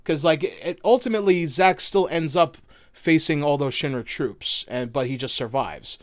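A man's voice: on the high side, normal speed, dry recording, clean studio sound. A man co-hosting a podcast, loose and chatty, swearing casually as he breaks down a video game. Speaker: podcast co-host.

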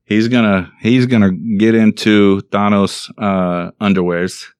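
A man's voice: fairly low pitch, steady tone, a little slow, darkish tone, clean tone, dry recording. Dry-voiced man leading a casual chat. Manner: laughs often, steers talk back on topic.

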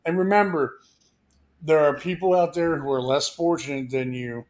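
A man's voice: on the high side, fairly even intonation, normal speed. Crude, joking male podcast co-host. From Philadelphia. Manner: swearing, joking, loose sign-off. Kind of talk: crude casual chat.

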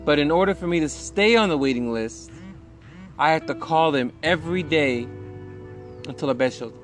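Man, slightly high voice, halting candid delivery, faint music under. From California. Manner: halting, with many restarts and pauses. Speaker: guest sharing recovery story. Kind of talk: candid conversational interview.

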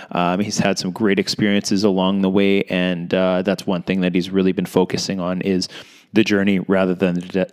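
A man hosting a casual podcast conversation, with a slightly low voice. He talks in a laid-back, easygoing way and leans on fillers like "uh" and "you know". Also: smooth. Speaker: podcast host.

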